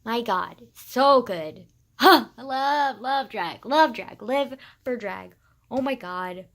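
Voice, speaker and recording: A teenage girl talking casually to camera, gushing and excitable, full of sighs, fillers and swearing. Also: fairly high pitch, slow. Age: teens. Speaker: vlogger. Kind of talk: casual rambling vlog.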